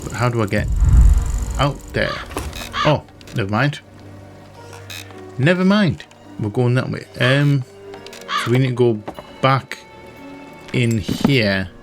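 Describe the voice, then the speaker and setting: A man talks his way through a hidden-object game, reading the notes he finds and tossing in dry, sarcastic remarks. His voice sits at an ordinary middle pitch. Game music plays clearly underneath him. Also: measured pace, long pauses. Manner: thinking aloud, reading in-game text with wry asides. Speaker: gaming channel host. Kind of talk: casual let's-play commentary. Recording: game music playing behind.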